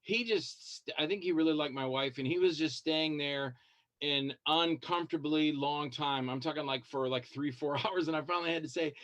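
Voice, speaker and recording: A man's voice: a little high, moderate pace, a bit bright. A man calling in as a guest, telling rambling stories and acting out other people's lines, often stumbling over repeated words. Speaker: guest B-movie actor calling in. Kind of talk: casual storytelling on a call-in show.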